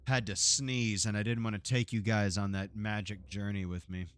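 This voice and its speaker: A man's voice: on the low side, flat delivery, moderate pace, smooth. A man from Texas chatting casually and cursing while streaming a game, laughing often. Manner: laid-back, profane, laughs often, jokey asides. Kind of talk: casual live gameplay chat.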